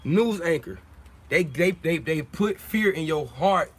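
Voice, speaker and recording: Husky streetwise man preaching on stream. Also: on the high side, animated, a little slow, fairly bright tone. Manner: preachy, streetwise slang, repeats himself. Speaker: livestream host. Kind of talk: casual livestream talk.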